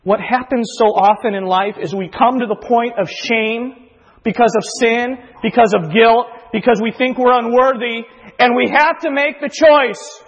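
A man's voice: extremely high pitch, steady tone, moderate pace, husky, big-room sound, muffled recording. A male pastor preaching a sermon in a church, earnest and confessional, often acting out inner voices. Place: church sanctuary.

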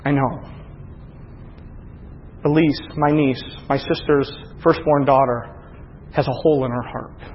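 A man preaching a sermon, moving from quiet storytelling to rising, emphatic preaching. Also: medium pitch, fairly even intonation, a little slow, long pauses, a little hiss or hum. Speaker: pastor. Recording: dull, echoey hall audio.

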